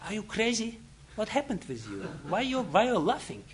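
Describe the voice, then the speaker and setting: A man's voice: high-pitched, huge pitch swings, normal speed, voice pushed up. A man voicing an angry house owner who demands answers with one question after another. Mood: baffled. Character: enraged rich house owner, baffled.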